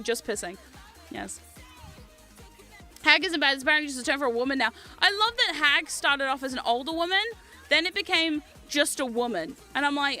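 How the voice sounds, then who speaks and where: A woman in her thirties chats on her livestream in a high, sharply bright voice. She rambles through stories with frequent giggles and answers chat aloud, with faint music playing behind her. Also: expressive, normal speed. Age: 30s. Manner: chatty, giggly storytelling, reads chat aloud. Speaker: livestream host.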